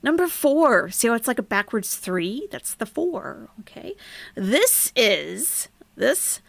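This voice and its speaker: A woman leads a live online language lesson, going slowly and repeating each word so learners can follow. Her voice has a gravelly edge, and the close mic sounds dry with no room echo. She greets viewers as she goes and sometimes drops to a soft whisper. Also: fairly high pitch, very animated. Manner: drops to a soft whisper while fiddling with the screen. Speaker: Arabic teacher on a live stream.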